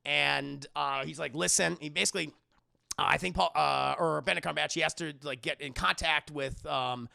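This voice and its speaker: Gravelly-voiced man ranting about a film. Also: on the high side, fairly even intonation, moderate pace, bright, forceful tone, dry recording, studio quality. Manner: rambling and profane, retells the plot and acts out lines. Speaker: streamer reviewing a movie. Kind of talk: casual live-stream commentary.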